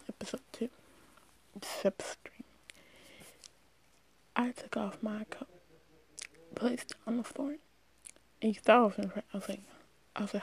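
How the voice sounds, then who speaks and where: A teenage girl whispers her way through a rambling story, chatty and full of restarts. Her voice sits a bit high. A faint hiss of noise runs underneath. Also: darkish tone, low-quality recording. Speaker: storyteller addressing listeners.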